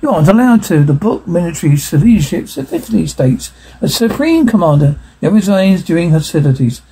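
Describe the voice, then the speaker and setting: A prim official who apologizes while sticking to the rulebook, read aloud by a man. The voice is mellow, very husky and slightly high. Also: big pitch swings, brisk, exaggerated voice, low-quality recording. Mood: apologetic.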